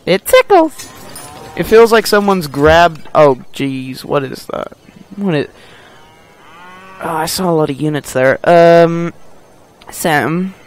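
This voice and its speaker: Male game host, higher voice, unhurried, talks to himself and cracks jokes over the game. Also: a little hiss or hum. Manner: mutters and jokes to himself while playing. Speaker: gameplay host. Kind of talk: casual gameplay commentary.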